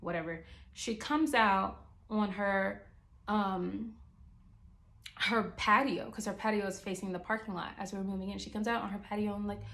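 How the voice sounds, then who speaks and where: A woman's voice: mid-range voice, steady tone, moderate pace, fairly bright tone. A young woman vlogger telling a story in casual chat. She sounds exasperated and chatty and leans heavily on the filler "like.".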